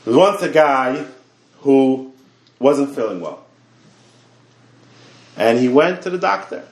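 Guy giving a torah class, animated, quick bursts, pretty echoey room. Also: medium pitch. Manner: animated, repeats words, fast bursts. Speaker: rabbi teaching a class.

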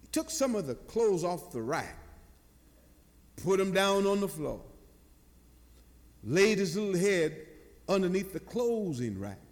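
An older man preaching a sermon as pastor, telling a story slowly and with animation in a church. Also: high-pitched, big-room sound. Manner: animated storyteller, slow and drawn-out.

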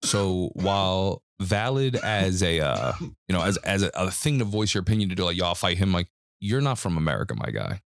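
A man's voice: low voice, gravelly, a little hiss or hum. A man co-hosting a casual podcast chat, telling stories animatedly with frequent laughs and long asides, coughing now and then. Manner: animated storyteller, laughs often, drawn-out asides. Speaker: podcast co-host. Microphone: own desk mic with mute button.

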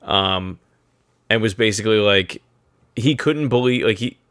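A man's voice: fairly low pitch, a little slow, fairly bright tone, no room sound, studio quality. A man co-hosting a casual gaming podcast, talking in a laid-back, hesitant way. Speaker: podcast co-host.

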